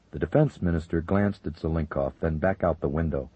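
Low husky guy reading a thriller audiobook, dull dry recording. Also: fairly quick, dry recording. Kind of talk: audiobook narration.

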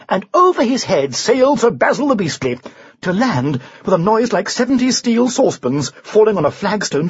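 Brief: expressive storybook narrator, husky tone, lively pitch, dry muffled recording. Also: no echo. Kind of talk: storybook reading aloud.

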